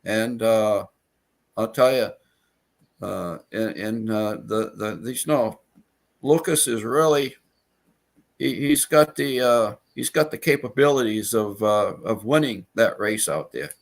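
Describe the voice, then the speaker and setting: A man telling stories in a casual chat as a guest, halting and restarting as he goes. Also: lowish voice, creaky. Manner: rambling storyteller, halting with restarts.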